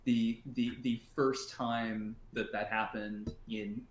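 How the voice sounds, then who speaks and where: A man's voice: on the low side, flat delivery, echoey room, loud music behind the voice. A man co-hosting a podcast in casual chat, stumbling and restarting often, swearing freely and laughing. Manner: halting, many restarts and stumbles. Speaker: podcast co-host.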